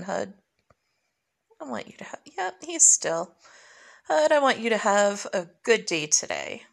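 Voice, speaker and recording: A woman's voice: fairly high pitch, vocal fry, a bit bright. A young woman giving chatty, joking commentary while playing a video game and muttering to herself. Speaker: gamer recording a playthrough. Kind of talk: casual gameplay commentary.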